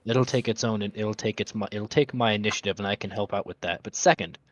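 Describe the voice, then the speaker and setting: A man's voice: fairly low pitch, brisk, dry recording. A man playing in a tabletop role-playing game, casually laying out his character's plans at length. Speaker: player. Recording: dull, dry lo-fi mic.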